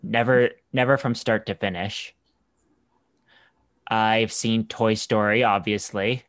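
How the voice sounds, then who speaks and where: A man's voice: on the low side, steady tone, slow, a bit bright, no room sound. A young man from Canada in casual chat as a co-host, an easygoing, rambling storyteller. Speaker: podcast co-host.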